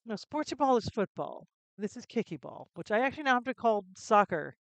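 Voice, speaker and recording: A woman's voice: mid-range voice, normal speed, dry recording, highs cut off. A woman live-streaming a game, chatting with jokes and self-deprecating asides into a close desk mic. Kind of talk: casual gameplay live stream.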